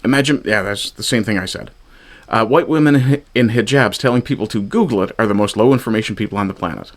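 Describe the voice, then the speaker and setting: A man from Newfoundland talks over video clips in a mocking, profane commentary. His voice sits a little low, and his tone stays sarcastic and dismissive throughout. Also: fast. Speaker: commentary streamer.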